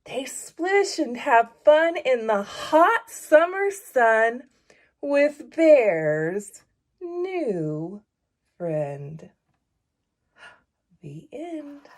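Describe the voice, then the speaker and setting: Slow, very lively woman storyteller. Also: sits high. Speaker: story time reader. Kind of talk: children's read-aloud.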